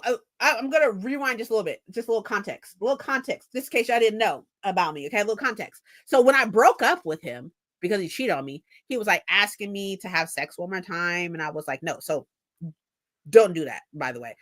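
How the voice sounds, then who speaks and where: A young woman in her twenties telling a story in a casual vlog, animated and profane, laughing often. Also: mid-range voice. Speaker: vlogger.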